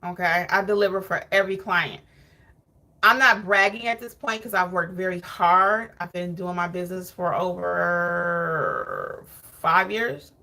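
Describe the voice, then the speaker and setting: A woman hosting a live stream, reading viewer comments aloud and coaching notaries in an animated, preachy way with frequent laughs. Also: on the low side, unhurried. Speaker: host of a notary training channel.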